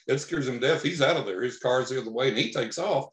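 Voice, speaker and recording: A man from Texas telling a long personal story as a podcast guest, animated, acting out the lines he quotes. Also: medium pitch, quick pace, hardly any pauses. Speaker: podcast guest, psychic investigator. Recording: roomy echo.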